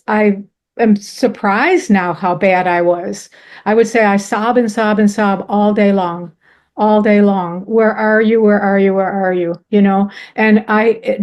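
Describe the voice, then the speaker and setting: A woman's voice: medium pitch, a little mellow, highs cut off. A woman telling a personal story with earnest emotion, often restarting her sentences. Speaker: presenter.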